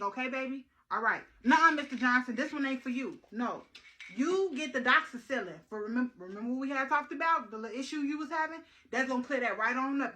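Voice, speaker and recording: A woman's voice: a little high, sharp tone. A woman doing a brash, flippant nurse in a comedy skit. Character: careless young woman nurse livestreaming on shift.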